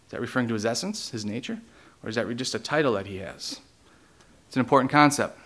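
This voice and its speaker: A male pastor delivers a teaching sermon, his voice sitting at an ordinary middle pitch. He keeps putting rhetorical questions to the congregation and pauses to explain theological terms. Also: animated, a bit bright.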